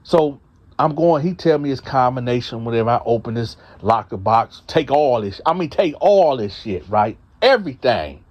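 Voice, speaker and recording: A man recounts a story in a loose, conversational way, talking straight to his listeners as y'all. He is blunt and emphatic and swears freely, in a mid-pitched voice. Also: expressive, normal speed, darkish tone, highs cut off. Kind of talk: casual storytelling to an audience.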